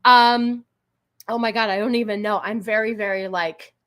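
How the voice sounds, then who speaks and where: A woman's voice: medium pitch, fairly even intonation, moderate pace, fairly bright tone. A woman hosting a casual live stream, talking back to chat in an exasperated, argumentative way and thanking donors. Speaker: livestream host. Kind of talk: casual political commentary stream.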